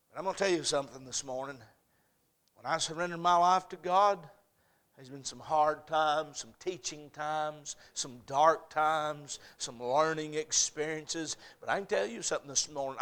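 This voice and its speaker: A male pastor preaching a sermon, folksy and humorous, swinging from quiet asides to shouted preaching. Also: fairly high pitch, moderate pace.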